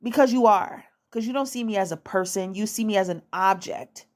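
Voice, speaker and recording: A young woman speaking at an ordinary pitch in a loose, unscripted vlog monologue. She is blunt and swears freely. She repeats lines for emphasis as she gives dating advice from home. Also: a little fast. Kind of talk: casual monologue to camera.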